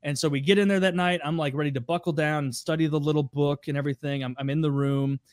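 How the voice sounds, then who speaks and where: A man's voice: fairly high pitch, steady tone, fast talker, dry recording, clean studio sound. A man on a podcast, telling casual, profane anecdotes with a wry edge. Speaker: podcast regular. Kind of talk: casual storytelling.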